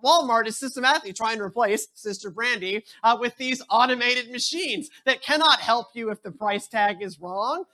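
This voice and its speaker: Bright-voiced young preacher. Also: medium pitch. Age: young adult. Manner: conversational, storytelling preaching with asides; measured, solemn reading. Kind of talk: scripture reading then sermon.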